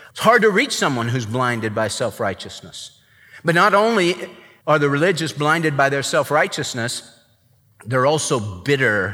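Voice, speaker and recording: A man preaching a sermon in an emphatic, animated way, acting out the people he quotes. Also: fairly high pitch. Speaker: pastor. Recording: long reverb of a large hall.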